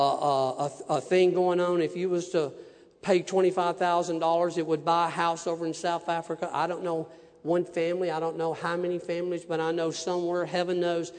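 A man ministering to a congregation, telling his testimony in an animated sermon and acting out the dialogues in it. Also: on the high side. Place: church sanctuary. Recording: long church-hall reverb.

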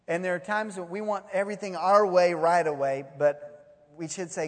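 A man preaching a sermon, telling stories in an animated way and acting out the voices. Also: sits high, moderate pace. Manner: animated storytelling, acts out voices. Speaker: pastor. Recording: long hall reverb.

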